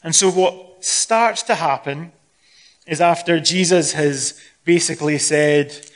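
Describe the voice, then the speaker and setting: A Scottish preacher with a fairly high voice delivering a sermon. He talks to the congregation conversationally and acts out scenes with lively expression. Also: moderate pace. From Scotland.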